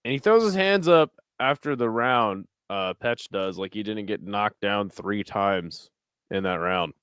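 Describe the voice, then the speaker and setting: Tired guy doing a chill fight watch-along, swears a lot, smooth clear voice, dry close mic. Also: lowish voice, expressive, measured pace, a bit bright, no echo. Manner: laid-back, profane, jokey asides to chat. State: tired, burping. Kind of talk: casual live commentary.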